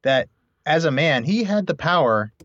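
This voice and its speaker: A man's voice: a little high, sing-song, normal speed, fairly bright tone, no echo, lo-fi sound. A man co-hosting a podcast in a casual book discussion, musing and agreeable. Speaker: podcast co-host.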